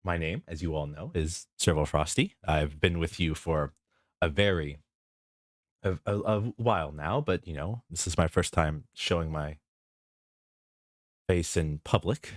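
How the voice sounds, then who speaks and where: A young man streaming as a vtuber chats casually and playfully in a very deep, unhurried voice with no echo. Giggly and quick to crack up laughing, he gives a mock-grand, playful self-introduction.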